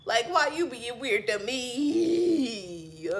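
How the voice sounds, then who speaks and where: Slow-talking animated young woman storyteller. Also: on the high side, vocal fry, soft background music. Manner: animated, laughing, swings between hushed asides and loud outbursts. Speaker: vlogger telling a story. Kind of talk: casual storytime vlog.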